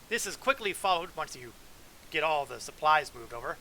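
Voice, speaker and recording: A man's voice: on the high side, big pitch swings, moderate pace, bright, forceful tone, a little hiss or hum, poor audio. A man streaming a space game, reading lore aloud with wry, joking asides. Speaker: gameplay streamer.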